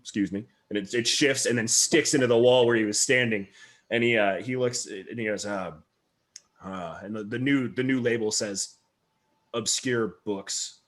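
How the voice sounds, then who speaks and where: A man's voice: medium pitch, moderate pace, a bit bright. A man in a mid-range voice narrates a tabletop game as game master. He rambles along with frequent restarts and fillers.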